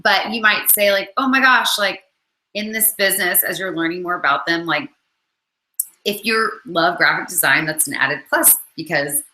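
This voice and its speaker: This woman's voice sits on the low side with a sharp tone, heard in a reverberant space with slight background noise and poor audio. She's a network marketing coach hiccuping through a chatty video for followers, peppered with "um" and "like."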